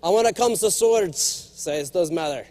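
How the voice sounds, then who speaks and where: A middle-aged man delivers a keynote speech with a high, bouncy voice that swoops up and down as he talks. He is jokey and animated and tells stories with a comic touch. He slips now and then into character voices to act out the people in his stories. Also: moderate pace. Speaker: keynote speaker. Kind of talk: humorous motivational keynote speech. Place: large conference hall.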